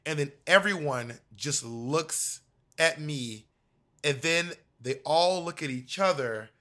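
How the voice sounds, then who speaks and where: A man telling backstage stories with big, campy energy and plenty of swearing. His voice is bright and forward, and it comes through a remote video call. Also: on the high side, animated, slow pace. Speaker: drag performer and actor. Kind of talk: casual chat on a video call.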